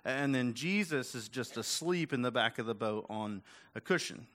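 A man's voice: mid-range voice, expressive, moderate pace, a bit bright. A male pastor giving a chatty, conversational sermon full of asides and rhetorical questions. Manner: casual, chatty and self-deprecating, with frequent "like" and "right?".

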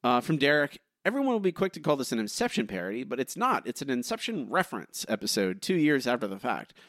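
Lively-voiced man co-hosting a podcast. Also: medium pitch, fast, dry recording, clean studio sound. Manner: lively, wry delivery of reviews. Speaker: podcast co-host. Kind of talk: casual podcast chat, reading listener reviews.

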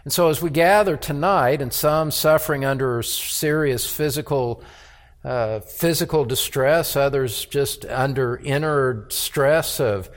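A male pastor preaching an expository sermon to his congregation, slow and deliberate, repeating key words for emphasis. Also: mid-range voice. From United States. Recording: long reverb of a church hall.

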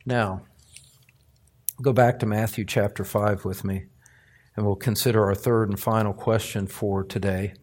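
A man preaching a sermon as pastor, earnest and emphatic, with deliberate phrasing that presses each point home in a church. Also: fairly low pitch, steady tone, darkish tone.

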